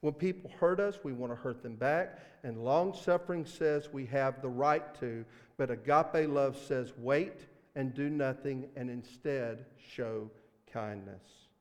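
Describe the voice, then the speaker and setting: A man with a Mississippi accent preaching a sermon as pastor, earnest, swinging between loud emphasis and hushed asides. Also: medium pitch, unhurried, big-room sound. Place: church sanctuary.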